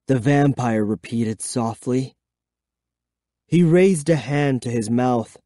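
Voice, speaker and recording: A man reading a children's horror book aloud, giving expressive, measured first-person storytelling. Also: medium pitch, no echo, clean studio sound. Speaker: audiobook reader. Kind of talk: dramatic audiobook narration.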